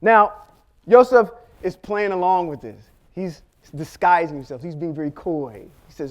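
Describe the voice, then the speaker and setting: A man teaching a Bible lesson, telling the story with animated delivery and acting out the characters' lines. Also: high voice, moderate pace. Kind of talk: sermon teaching.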